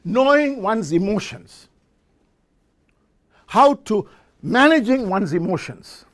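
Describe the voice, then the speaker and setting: A man's voice: sits high, animated, slow. A middle-aged man giving a motivational business talk to a live audience, quizzing listeners and often restarting his words. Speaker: speaker at a business forum. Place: event hall with a live audience.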